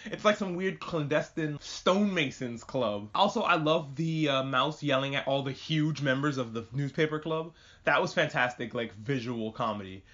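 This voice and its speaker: A man hosting a podcast, recapping an anime episode in a casual, animated way, swearing often and slipping into quick mock voices. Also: medium pitch, dull audio. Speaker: podcast host.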